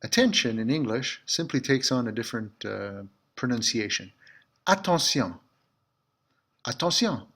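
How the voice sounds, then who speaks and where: A man teaching a language lesson as a French teacher in a school building, patiently repeating each phrase slowly. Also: mid-range voice, vocal fry, fairly bright tone.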